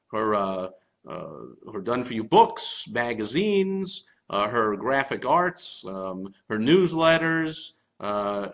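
A man's voice: mid-range voice, fairly bright tone, poor audio. A middle-aged man talking casually to the camera from a room in his home, chatty and enthusiastic, rambling with fillers as he shows his mail. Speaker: marketing vlogger.

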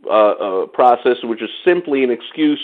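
Male talk host, animated storyteller, kinda muffled lo-fi radio sound. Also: medium pitch, normal speed. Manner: animated storytelling, mimics others in quotes. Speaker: podcast host. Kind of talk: casual chat.

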